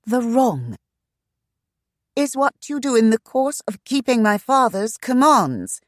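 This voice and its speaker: A woman voicing a haughty, sharp-tongued young heiress who gives orders without pause. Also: mid-range voice, very animated, no room sound, clean studio sound, pitched above the performer's own voice. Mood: scathing. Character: haughty young lady estate heiress, fiery.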